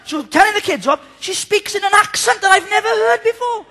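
Pastor, very high voice, bright and punchy, animated storyteller. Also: male voice, a little fast, few pauses. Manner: animated, storytelling, mimics people. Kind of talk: sermon.

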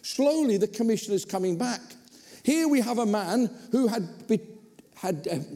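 A man preaching a sermon in a church, conversational and animated with humorous asides. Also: high-pitched, moderate pace. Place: church hall. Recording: long reverb in a hall.

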